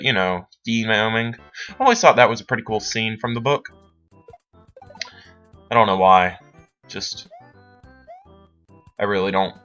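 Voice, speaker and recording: This teenage gamer, in his late teens, speaks at a fairly low pitch with a sharp tone. As a let's play host, he chatters on in a rambling, self-deprecating way while commenting on his gameplay. Faint game music plays under a dull, lo-fi recording.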